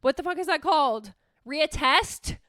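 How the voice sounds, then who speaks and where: A woman therapist hosting a podcast, talking in a candid, profane and animated casual monologue, often mocking herself. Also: high voice, unhurried, dry recording, studio quality.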